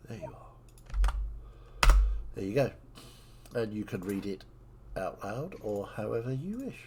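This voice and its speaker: A low-pitched man runs a tabletop game, his voice rising and falling a lot as he narrates. He sounds easygoing and loose, with plenty of ums and uhs, over faint background hiss. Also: lively intonation, slow pace. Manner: easygoing, filler-heavy narration. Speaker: game master.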